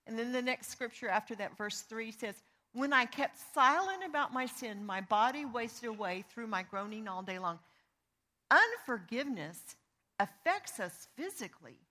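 A woman with a bright, ringing voice, pitched a little high, teaching from the Bible. She talks earnestly and plainly, leaning on the verses as she reads them aloud. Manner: reads scripture aloud with emphasis; earnest and conversational, with small restarts. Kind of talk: teaching on forgiveness.

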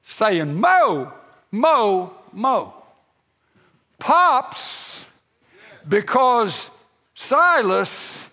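Older male pastor, high animated voice, unhurried folksy sermon, long hall reverb. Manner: folksy storytelling preacher, rising to emphatic peaks.

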